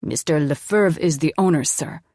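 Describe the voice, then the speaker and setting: A woman's voice: deep voice, moderate pace, darkish tone, no room sound, clean studio sound. A woman narrator voicing a formal, condescending restaurant waiter with curt replies. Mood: haughty.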